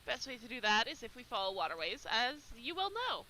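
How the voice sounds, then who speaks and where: Woman reading a calm, kindly badger lord, bright tone. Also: on the high side, brisk, a little hiss or hum, low-quality recording.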